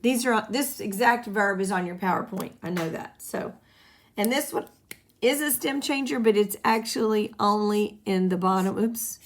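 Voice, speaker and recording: A woman's voice: mid-range voice, normal speed. A woman teaching a Spanish grammar lesson to her students, patiently explaining and having them repeat rules back. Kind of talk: classroom lesson at a whiteboard.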